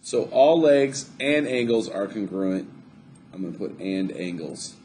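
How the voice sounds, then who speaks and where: A man's voice: lowish voice, lively intonation, a little slow, dark tone, a little hiss or hum. A man teaching a recorded math lesson, chatty and upbeat, joking to himself as he draws on screen. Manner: upbeat, chatty, jokes to himself while drawing.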